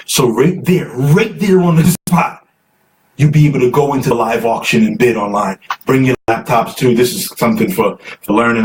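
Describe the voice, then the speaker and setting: Chatty man hosting a live call-in stream. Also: medium pitch. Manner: chatty, coaxing viewers to call, reads comments aloud. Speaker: host. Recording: distant mic, faint noise.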